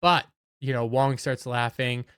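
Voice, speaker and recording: A man's voice: mid-range voice, steady tone, measured pace, a bit bright, smooth, no echo, studio quality. A man giving a casual, enthusiastic episode recap as an anime reviewer, often stumbling over his words.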